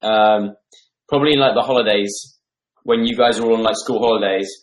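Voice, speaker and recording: A man's voice: on the low side, fairly even intonation, fairly quick, reverberant. A young man in his twenties hosting a casual live stream from home, chatting and rambling through viewer comments on a desk microphone. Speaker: livestream host. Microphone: desktop microphone.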